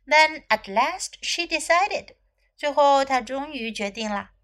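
A woman English teacher reading a children's story aloud in two languages, with slow, clear teaching delivery and repetitions. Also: high-pitched, lively intonation, a bit bright.

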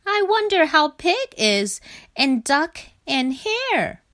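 A woman voicing a small, eager young male frog who pleads and whines in a high, excited voice. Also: slow, exaggerated voice. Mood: eager, pleading.

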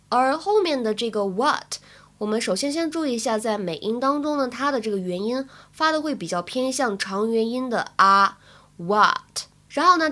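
A woman's voice: fairly high pitch, fairly bright tone. A woman English teacher, explaining phrases to students in a chatty way, often checking in with "right?".

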